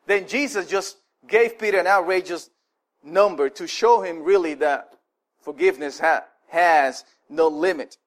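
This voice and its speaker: High-voiced man preaching casually. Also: unhurried. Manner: informal, repeats and restarts, asks the listeners questions. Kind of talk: casual conversational sermon.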